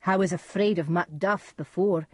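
A woman's voice: on the low side, moderate pace, husky, dry recording, clean studio sound. A woman voicing a tormented, haunted king who cries out frantically, in a storybook reading. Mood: agitated. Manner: frantic, crying out.

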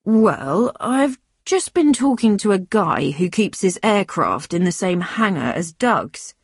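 A woman reader voicing a gentle adult man who speaks in a soft, reassuring way, close to her own voice. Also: medium pitch, big pitch swings, slow pace, husky, no room sound, exaggerated voice. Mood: concerned.

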